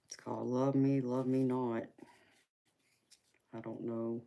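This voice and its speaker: A woman's voice: very deep voice, level tone, slow pace, gravelly, mellow. A woman with a heavy Southern accent from Georgia, chatting casually and laughing often while hosting a late-night live stream. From California.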